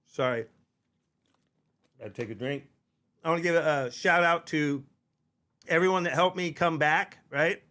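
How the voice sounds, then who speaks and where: A man's voice: a little high, bright, forceful tone. A middle-aged man hosting a live internet radio show, chatting casually and rambling with restarts and frequent "right?". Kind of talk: casual live-stream chat. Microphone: desk microphone.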